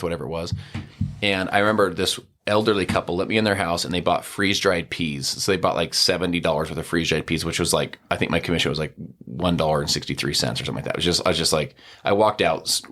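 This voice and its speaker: A middle-aged man, guesting on a podcast, talks fast in a deep voice. He tells a personal story casually and with animation, acting out the dialogue.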